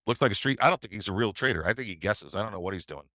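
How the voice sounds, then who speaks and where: A middle-aged man tells a trading story on a webinar in a loose, conversational way and often checks in with "right?". His voice is low and forceful. The sound is dry and close. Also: lively intonation, racing, dry recording. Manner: conversational, with tag questions. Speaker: trading educator.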